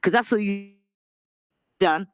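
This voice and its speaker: A woman's voice: mid-range voice, takes it slowly, no echo. A woman giving an angry, lecturing rant in a clip, calling someone out. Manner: indignant, lecturing.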